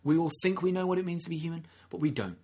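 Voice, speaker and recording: Husky-voiced man preaching a sermon. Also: on the high side, fast, dark tone. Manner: earnest, acts out quoted speakers, frequent restarts.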